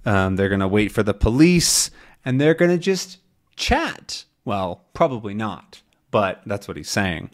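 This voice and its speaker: A man's voice: lowish voice, sing-song, measured pace. A man reading a comic aloud for English learners, explaining words and acting out the characters' lines. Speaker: English teacher.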